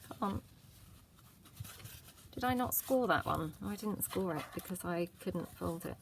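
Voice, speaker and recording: A woman's voice: on the low side, expressive, a little slow, gravelly, a little hiss or hum. A woman hosting a casual craft tutorial, chatting and muttering to herself as she works, cheerfully self-deprecating.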